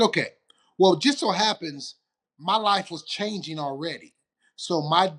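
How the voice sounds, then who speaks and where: Man, storytelling guest, lively, acts out quotes, slightly higher voice. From Detroit, USA. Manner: animated storyteller, acts out quotes, laughs often. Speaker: guest, retired football player. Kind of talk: storytelling interview.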